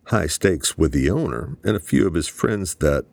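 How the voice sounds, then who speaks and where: A male narrator voicing a brash, crude, excitable grown man who loves gambling and partying. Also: rumbling low, normal speed, gravelly, no room sound, heavily acted. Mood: boastful.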